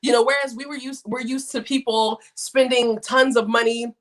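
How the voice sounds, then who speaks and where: Chatty woman host, fairly high voice. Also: flat delivery, normal speed. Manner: chatty, hypes guests and reads out comments. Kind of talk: casual livestream chat.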